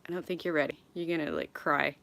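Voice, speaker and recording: A woman's voice: deep voice, fairly even intonation, fast, vocal fry, fairly bright tone. A woman in her thirties from Canada, chatting casually while unpacking groceries at home, rambling and often apologizing with a self-deprecating edge. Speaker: vlogger. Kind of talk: casual live vlog chat. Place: home, moving between rooms.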